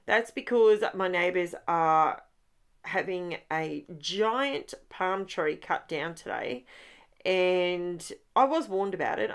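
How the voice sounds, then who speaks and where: An Australian woman hosting a scrapbooking channel, giving a chatty, rambling voice-over from her home craft room. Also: mid-range voice. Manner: chatty and rambling, with fillers and asides.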